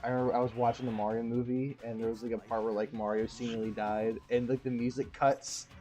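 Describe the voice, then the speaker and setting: A man in casual chat while playing a game on stream, dry and quick to swear at it. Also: medium pitch, little pitch movement, warm tone, soft background music.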